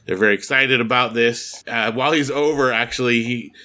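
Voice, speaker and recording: A man's voice: mid-range voice, fairly even intonation, a little fast, pushed and bright. A man co-hosting a podcast, casually recapping an episode and acting out the characters' lines with laughs. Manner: recaps plot with acted-out quotes and laughs. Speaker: podcast co-host.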